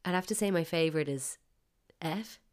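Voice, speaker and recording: A woman's voice: on the low side, normal speed, clean tone. A woman with an Irish accent hosting a solo podcast, chatty and wry, with bursts of mock outrage. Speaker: podcast host.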